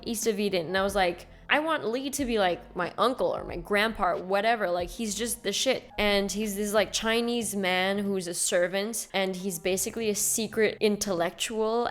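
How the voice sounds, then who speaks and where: Chatty woman vlogger, eager and rambling, soft music underneath. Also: mid-range voice. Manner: enthusiastic, rambling, with filler likes. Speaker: book vlogger. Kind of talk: casual chat answering a book tag.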